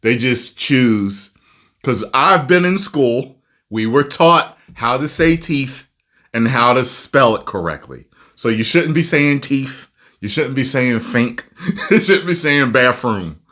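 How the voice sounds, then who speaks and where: A man's voice: mid-range voice, measured pace. A man with a New Jersey accent hosting a casual reaction video, ranting and laughing as he talks. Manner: animated, laughing, rambling rants.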